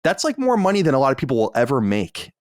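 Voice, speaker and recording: Man, podcast host, fast talker, blunt and profane, dry close mic. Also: medium pitch, huge pitch swings, no echo. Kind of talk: casual podcast chat.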